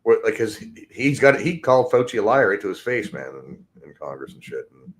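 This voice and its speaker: A male podcast host delivers a profane, rambling solo rant, agitated and exasperated. His voice swings widely in pitch, moving from low mutters to high exasperation, and he speaks a little fast.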